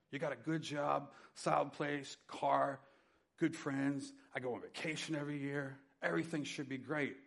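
A middle-aged man preaching a sermon, telling his personal testimony with dynamic swings from loud emphasis to quiet. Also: mid-range voice. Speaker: pastor.

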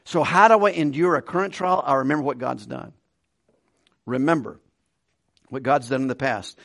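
A man preaching a conversational Bible study sermon with animated delivery and frequent chuckles. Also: medium pitch, moderate pace, gravelly, no echo, studio quality. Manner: conversational, animated, laughs between points.

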